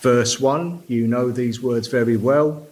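A man preaching a sermon from a church pulpit, slow and deliberate, stressing key words. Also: mid-range voice, fairly even intonation, darkish tone.

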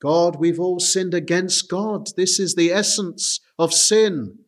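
Man preaching, earnest and halting, fairly high-pitched voice, many "uh" pauses. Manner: earnest, repeatedly addresses "dear friends"; frequent "uh" hesitations. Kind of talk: sermon.

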